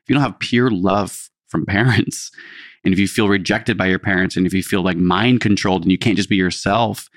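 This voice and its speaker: A man's voice: deep voice, brisk, no room sound, clean studio sound. A young man co-hosting a podcast, chatting casually and telling a story, often acting out what people said. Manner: storytelling, acts out quoted voices. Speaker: podcast co-host. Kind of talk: casual chat.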